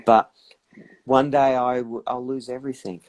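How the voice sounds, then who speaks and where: A man's voice: mid-range voice, level tone, normal speed, a little mellow. A man giving reflective advice in a casual live chat, often acting out inner voices. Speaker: guest practitioner.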